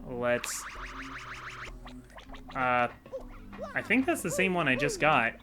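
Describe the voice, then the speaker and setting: A man's voice: medium pitch, very animated, slow pace, music in the background. A man giving rambling, casual commentary while playing a video game, chatty and self-deprecating. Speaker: video game let's-play host.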